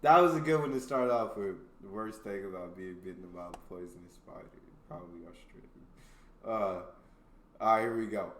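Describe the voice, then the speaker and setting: A man's voice: on the low side, a little fast, reverberant, slight background noise. Laughing American man reading jokes. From United States. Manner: laughs often, reacts loosely between readings. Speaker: reaction video host. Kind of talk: casual reaction commentary, reading jokes aloud.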